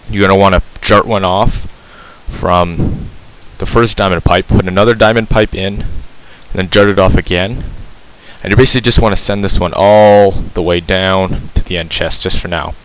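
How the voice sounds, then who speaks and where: A man with a low, smooth voice gives a casual game tutorial over poor audio, rambling, correcting himself, and saying um a lot. He breathes heavily into a cheap mic held very close to his mouth.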